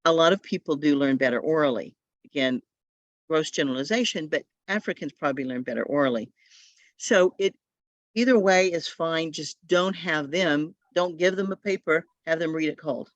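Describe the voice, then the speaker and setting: A woman's voice: low voice, no echo. Lady running a tutor training on a video call, chatty, dry muffled audio. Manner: chatty, advice-giving, quick asides.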